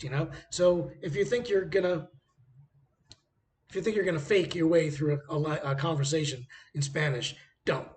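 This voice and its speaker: A man vlogging casually from a hotel room by a busy street, rambling through travel anecdotes with frequent hesitations. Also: fairly high pitch.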